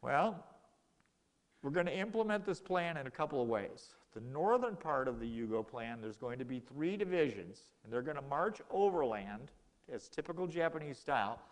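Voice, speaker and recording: A man's voice: medium pitch, animated, normal speed, big-room sound. A man giving a casual history lecture in a lecture room, telling it as a story and acting out the quoted exchanges.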